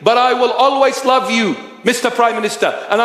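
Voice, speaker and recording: A man preaching a sermon, forceful and at times shouting. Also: very high voice, moderate pace, few pauses. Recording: echoey hall.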